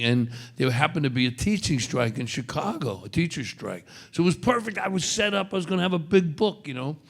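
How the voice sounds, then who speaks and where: A man in his seventies with a Brooklyn accent, a guest actor at a convention panel, telling rambling stories with restarts. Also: mid-range voice. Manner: gravelly, halting, storytelling with restarts.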